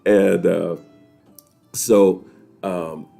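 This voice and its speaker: A man from New York, hosting a weekly chat and telling a story to viewers in a lively, laughing way. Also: low-pitched, drawn-out words, creaky, soft background music. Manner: animated, laughing, talks straight to viewers.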